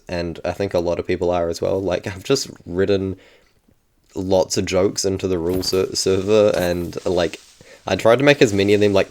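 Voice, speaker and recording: A man's voice: low-pitched, darkish tone. A young man with a New Zealand accent chatting casually in a vlog, rambling and often correcting himself. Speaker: YouTuber.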